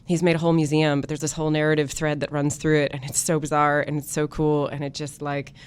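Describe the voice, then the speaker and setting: Low-voiced chatty woman developer. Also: little pitch movement, fast talker, darkish tone, smooth. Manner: chatty, many fillers, enthusiastic. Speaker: game developer guest. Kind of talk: casual chat.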